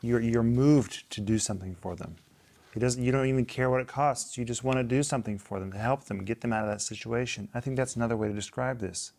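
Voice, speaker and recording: A man co-hosting a Bible talk, chatting in a relaxed, warm way with fillers and restarts. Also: medium pitch, fast talker, creaky. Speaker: co-host. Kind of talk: casual conversation.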